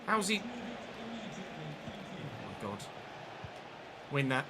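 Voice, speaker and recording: A man's voice: mid-range voice, sing-song, slow pace, very noisy. A man streaming a football video game, giving running play-by-play with frequent swearing and frustrated outbursts. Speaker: gaming streamer. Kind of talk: live gameplay commentary.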